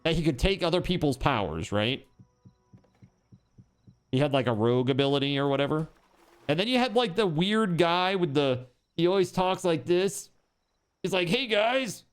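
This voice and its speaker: A man's voice: a little high, lively intonation, moderate pace, clear, resonant tone. A man streaming a game, chatting casually in a rambling, joking way, swearing now and then and packing his talk with fillers.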